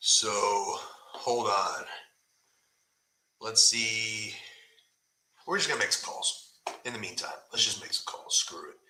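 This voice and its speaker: A straight-talking man hosts a live podcast session in a loose coaching manner. His voice is very bright and forceful. It rings around a roomy, echoey space. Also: lowish voice, a little hiss or hum. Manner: blunt, fast, animated, says "right?" often. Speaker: podcast host. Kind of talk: casual live-stream coaching talk. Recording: echoey room.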